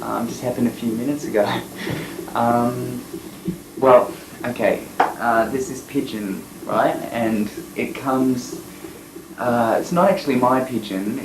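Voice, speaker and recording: Man, freelance photographer, chatty and rambling, roomy echo, background noise. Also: fairly low pitch. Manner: rambling, chatty, with frequent fillers and laughs. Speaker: freelance photographer and documentary maker. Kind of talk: casual interview storytelling.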